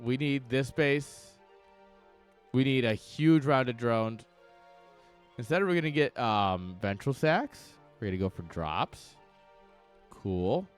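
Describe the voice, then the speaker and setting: A young man casting a live strategy game match, excitable and joking, breaking into loud yells. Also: mid-range voice, takes it slowly, long pauses, clear, resonant tone, faint music behind. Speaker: esports caster. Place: home streaming setup.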